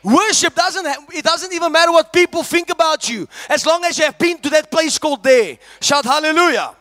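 A man preaching a sermon, shouting and calling out to the congregation. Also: very high voice, fairly quick, no room sound. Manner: shouting, call-and-response preaching.

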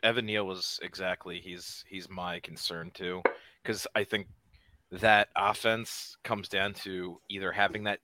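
A man's voice: low voice, fairly even intonation, measured pace, background noise. A man co-hosting a sports podcast, talking bluntly and with enthusiasm. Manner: blunt, enthusiastic, some swearing. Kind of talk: casual sports chat.

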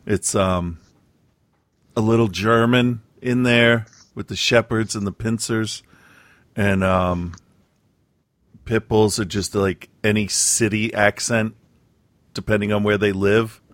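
A man's voice: fairly low pitch, fairly even intonation, slow, pauses often, no room sound. A man co-hosting a podcast, telling stories in a rambling, hesitant way with many fillers. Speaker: podcast co-host. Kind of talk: casual chat.

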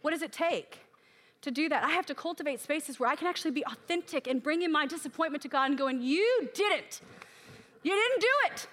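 A woman's voice: high-pitched, quick pace, a bit bright. A woman preaching a sermon in a candid, emotional way, acting out her own prayers aloud and sounding tired from crying.

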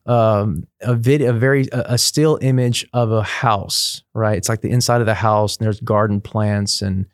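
A man's voice: lowish voice, steady tone, moderate pace, no room sound, studio quality. Chatty laughing man telling stories. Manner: chatty, laughing, frequent restarts. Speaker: priest guest. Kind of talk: casual interview storytelling.

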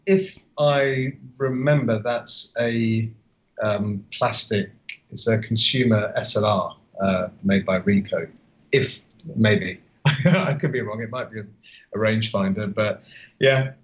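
A man of middle pitch talks through photography in a loose, rambling way, circling back and restarting his sentences. His voice sounds muffled and lo-fi, as over a remote call. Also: steady tone, slow. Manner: rambling, many restarts and fillers. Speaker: podcast co-host. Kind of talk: casual podcast chat about photography. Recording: dull lo-fi call audio.

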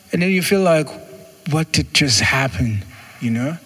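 Husky-voiced man preaching casually. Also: expressive, moderate pace. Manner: conversational, acts out quotes with jumps in pitch. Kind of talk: sermon.

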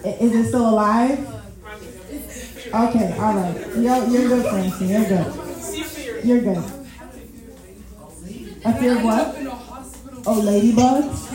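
A woman's voice: fairly high pitch, slow, pauses often, a crowd in the background. A woman giving a casual, conversational sermon, chatty, calling the audience y'all and often laughing at herself. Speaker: preacher. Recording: very echoey room.

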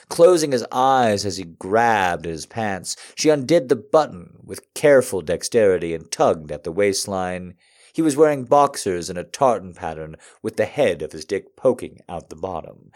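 A man with a very deep voice reads a story aloud to listeners. His delivery is calm and measured, with soft pauses between phrases. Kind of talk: reading a romantic story aloud to an audience.

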